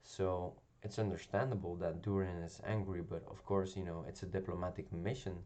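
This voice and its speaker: A man's voice: deep voice, flat delivery, brisk, warm tone. A man giving a casual spoken review of a television episode, talking hesitantly with many ums and restarts. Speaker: video reviewer.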